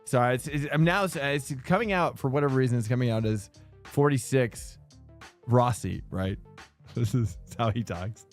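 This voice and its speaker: A man's voice: mid-range voice, moderate pace, soft background music. A man streaming sim racing, chatting loosely with viewers and saying dude and bro. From United States. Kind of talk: casual live-stream chat.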